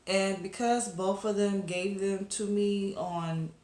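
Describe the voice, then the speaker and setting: A woman's voice: medium pitch, steady tone, slow, a little mellow, roomy sound. A woman reviewing a webcomic episode to camera in a casual, rambling chat full of fillers and asides to her viewers.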